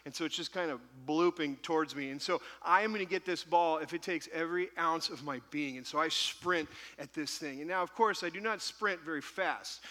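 A man pastor telling a self-deprecating story in an animated sermon to a live congregation. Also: fairly high pitch, fairly quick, hardly any pauses. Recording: hall reverb.

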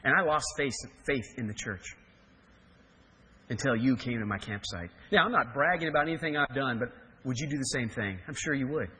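Pastor, man in his forties, from Kansas, sermon storytelling, bright forceful tone, a bit husky. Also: mid-range voice, brisk. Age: 40s. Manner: animated storytelling, jokey asides. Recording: reverberant hall.

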